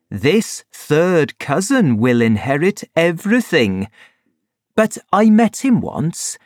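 A man voicing an earnest, eager country doctor in a storybook reading, bright and reassuring. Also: a little high, no echo, studio quality. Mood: explaining.

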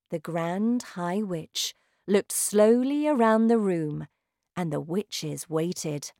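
A woman narrating a children's storybook aloud in a slow, deliberate, expressive way. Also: lowish voice, no echo, studio quality. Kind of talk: storybook reading.

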